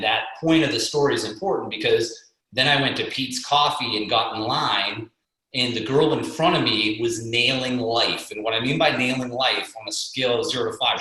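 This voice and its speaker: A middle-aged man tells stories with motivational energy, voicing the people in them. His voice is bright and forceful. The call audio is heavily echoey. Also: mid-range voice. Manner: energetic, motivational, acts out quotes. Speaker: guest speaker and fitness coach. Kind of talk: storytelling on a conference call. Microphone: video call.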